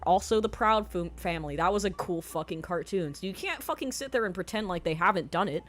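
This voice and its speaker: A woman's voice: mid-range voice, expressive, brisk, a bit bright. Profane young woman ranting on stream. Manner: profane, escalating rant with frequent ums. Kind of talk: ranting live stream monologue.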